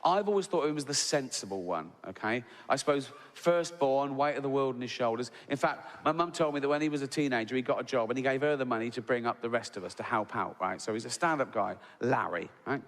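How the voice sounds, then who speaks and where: A man's voice: medium pitch, quick pace, hardly any pauses. Man doing stand-up in a hall. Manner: conversational, peppers lines with "right?", laughs at own jokes. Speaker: stand-up comedian. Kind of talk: stand-up storytelling.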